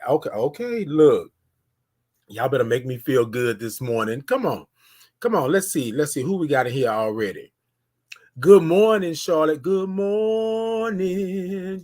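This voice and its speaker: A woman's voice: deep voice, very animated, moderate pace, a little mellow, husky. A woman hosting a live morning show, greeting viewers in a sing-song way and stretching out her words. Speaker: host.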